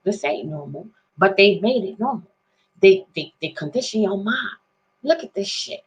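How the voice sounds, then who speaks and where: A woman's voice: mid-range voice, animated, moderate pace, husky, muffled recording. A woman ranting to her viewers in a casual, profane vlog, rambling in street slang and constantly asking if they understand. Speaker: vlogger.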